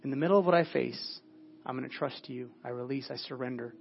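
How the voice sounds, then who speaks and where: A man preaching a sermon at a church service in an earnest way, often dropping to a hushed, prayerful tone. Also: medium pitch, fast, vocal fry, muffled recording, slight background noise. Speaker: pastor.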